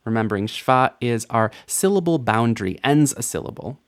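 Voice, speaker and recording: A man recording a language lesson at a steady middle pitch. He sounds out each letter and vowel slowly and repeats words so learners can follow. His delivery is patient, with a playful edge. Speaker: Hebrew teacher.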